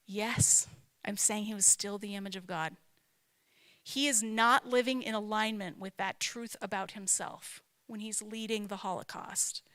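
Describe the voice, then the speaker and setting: A woman's voice: mid-range voice, fairly even intonation, unhurried, bright, forceful tone. A woman, an author and speaker, giving a conversational teaching talk in a reflective, emphatic way. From not from the American South. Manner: reflective, emphatic, asks herself questions aloud.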